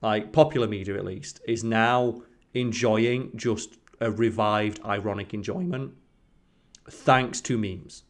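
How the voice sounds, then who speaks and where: A man's voice: lowish voice, steady tone, takes it slowly. A man co-hosting a podcast, chatting casually and rambling with lots of fillers. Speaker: podcast co-host. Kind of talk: casual chat.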